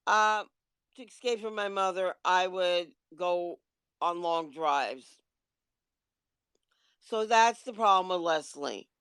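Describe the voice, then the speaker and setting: Woman livestream host, blunt and preachy, smooth clear voice, dry close sound. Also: lowish voice, slow, long pauses, a bit bright, no echo. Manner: blunt, lecturing, swears casually. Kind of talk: livestream rant.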